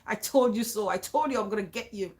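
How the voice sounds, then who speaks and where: A woman's voice: mid-range voice, fast, close to an everyday voice. A woman briefly voicing a cruel person who laughs and taunts. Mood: gloating.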